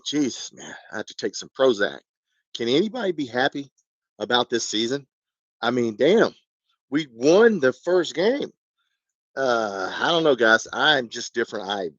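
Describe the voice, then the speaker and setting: A man's voice: mid-range voice, a bit bright, no echo. Ranting man on a dull dry mic. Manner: ranting, rambling, rhetorical questions. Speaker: fan channel host. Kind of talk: live-stream sports rant.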